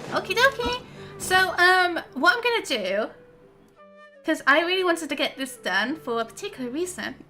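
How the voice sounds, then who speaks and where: Young woman, high bouncy voice, giggly, casual game-stream chat. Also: big pitch swings, normal speed, bright, forceful tone, soft background music. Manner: giggly, chatty, reacting to chat.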